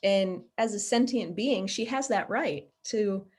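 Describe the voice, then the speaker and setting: A woman's voice: mid-range voice, measured pace, darkish tone, slightly rough. A woman, an animal behaviour expert, talking earnestly and practically in a casual interview over a video call. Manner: earnest, practical, explains with everyday examples.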